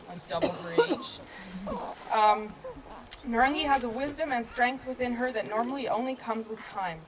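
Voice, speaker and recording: A woman's voice: fairly high pitch, poor audio. A woman in her thirties, an older sister, reading a prepared graduation speech at a community gathering. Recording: crowd audible in background.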